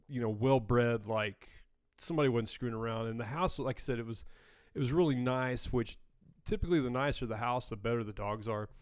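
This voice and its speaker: A man co-hosting a podcast, casually telling a story from his police work and laughing through the punchline. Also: medium pitch. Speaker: podcast co-host.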